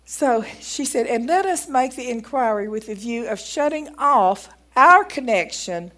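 A woman's voice: fairly high pitch, lively intonation, a little slow. A woman giving a folksy sermon, reading aloud from a book and growing emphatic as she preaches. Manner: folksy, grows emphatic and loud when preaching.

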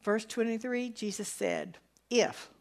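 A woman's voice: on the high side, lively intonation, gravelly, darkish tone. Emphatic woman teaching scripture. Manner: slow, emphatic scripture reading with rising exclamations. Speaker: Bible teacher. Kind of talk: sermon-style Bible teaching.

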